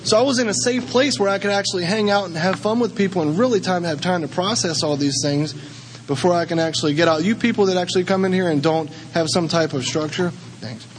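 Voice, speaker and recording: A man's voice: high voice, quick pace, a little hiss or hum. A man telling his recovery story at a meeting, rambling and conversational with lots of fillers. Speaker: speaker sharing at a recovery meeting.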